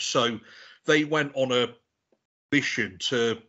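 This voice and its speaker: A man's voice: mid-range voice, normal speed, a bit bright, breathy edge, muffled recording. Sweary, rambling man. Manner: rambling, sweary storytelling with restarts. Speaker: podcast guest. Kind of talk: casual chat.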